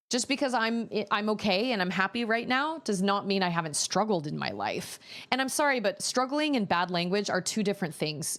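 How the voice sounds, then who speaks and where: Woman, 30s, streamer, low-ish voice, rambling exasperated storyteller. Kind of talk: casual chat while gaming.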